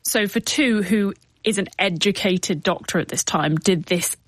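A woman's voice: mid-range voice, unhurried, no room sound. A woman co-presenter who asks curious questions in a conversational radio documentary.

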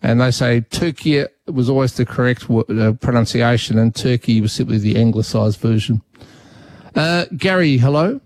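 A talkback radio host, an Australian man, chats casually with callers and thinks out loud, often restarting his sentences. His mid-range voice is recorded dry and close on a studio mic. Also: mid-range voice, normal speed, no echo. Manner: chatty, thinks aloud with restarts.

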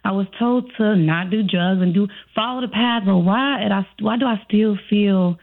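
A woman coach who teaches self-trust appears as a guest, answering an interviewer's questions and acting out the conversation in her head. She's from Chicago, with a slight accent, and talks at normal speed with medium pitch over a tinny phone-like line.

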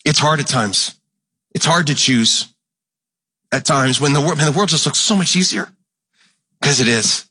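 A pastor preaches an earnest, impassioned sermon in a husky voice with a sharp tone, speaking at a moderate pace and pausing often. He repeats phrases for emphasis and acts out Bible exchanges in a raised, higher voice.

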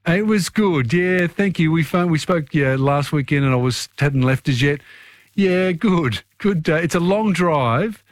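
A man hosting a radio quiz, chatting easily with callers as he reads out the questions. His voice sits a touch high, and the studio sound is close and dry. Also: lively intonation, unhurried, dry recording. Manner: chatty, takes callers one after another.

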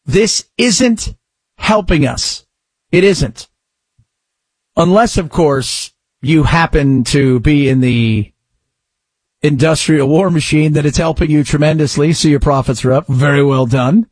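A man's voice: a little high, a little slow, a little mellow, slightly rough, no room sound. A man hosting a talk radio show, ranting with sarcasm and exasperation, then reading ads in the same voice. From United States. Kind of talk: opinionated talk radio monologue and host-read ads.

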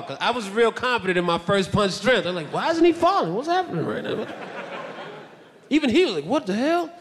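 A male stand-up comedian telling stories in an animated, boisterous, self-mocking way. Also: fairly high pitch, in a large hall. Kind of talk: stand-up storytelling.

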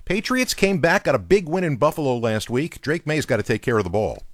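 Lively sports preview host, man. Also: medium pitch, dry recording, clean studio sound. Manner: brisk, presenter-like. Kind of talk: scripted radio sports preview.

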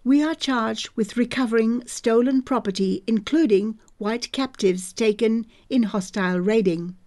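A woman's voice: fairly high pitch, a little slow, dark tone, natural voice. A woman voicing a young male army lieutenant who questions a prisoner in a formal, clipped, suspicious way. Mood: stern.

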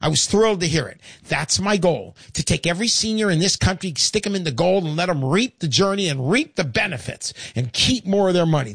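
An older man hosts a call-in radio show in a high, lively voice that swoops up and down. He talks in a chatty, emphatic way and repeats his points, and the sound is dry and close. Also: breathy edge, dry recording. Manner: animated, chatty, emphatic repetition.

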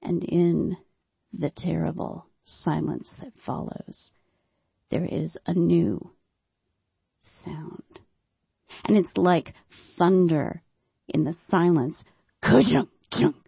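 A woman in her thirties telling a personal story live, with dry deadpan humor and sudden hushed whispers. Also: on the low side, takes it slowly, vocal fry, pauses often, husky, dry recording, highs cut off.

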